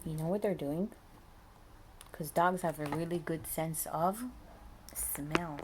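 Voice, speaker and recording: A woman reading a picture book aloud to young children as their preschool teacher, lively and often dropping to a soft whisper to talk to them. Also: lowish voice, a little hiss or hum.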